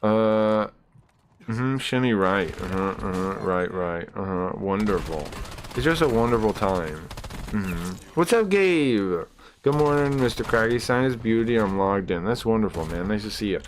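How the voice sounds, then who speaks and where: A man's voice: lowish voice, normal speed. A man streaming live, chatting loosely with his viewers and reading numbers off the screen as he goes. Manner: loose and rambling, talking to chat and tallying numbers aloud. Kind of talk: casual live-stream chat.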